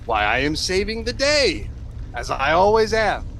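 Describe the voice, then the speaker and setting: Man putting on Jupiter Jones, a pompous high-voiced hero. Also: sing-song, unhurried, creaky, a crowd in the background, full character voice. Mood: boastful. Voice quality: grandiose, theatrical. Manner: lofty formal speech. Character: pompous boastful male rescuer hero.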